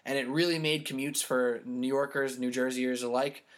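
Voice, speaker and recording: A man's voice: mid-range voice, fairly even intonation, normal speed. A man hosting a casual sports podcast, leading the talk with questions and wry asides. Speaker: podcast host.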